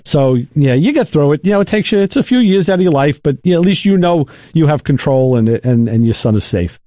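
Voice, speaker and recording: A man's voice: on the high side, lively intonation, a little fast, dark tone, dry recording. Easygoing middle-aged man, dry sound. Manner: easygoing, short agreeing remarks. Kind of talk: casual chat.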